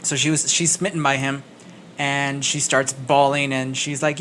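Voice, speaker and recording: A man co-hosting a podcast, telling stories casually in a small studio, animated and swearing, acting out what people said. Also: medium pitch, moderate pace, slight background noise. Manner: animated storyteller, swears, acts out quotes. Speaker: podcast co-host. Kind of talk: casual chat.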